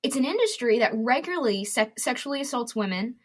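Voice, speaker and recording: A woman's voice: a little high, expressive, a little fast. A woman comedian and advocate, a podcast guest who talks bluntly and emphatically with lots of swearing. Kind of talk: candid podcast interview.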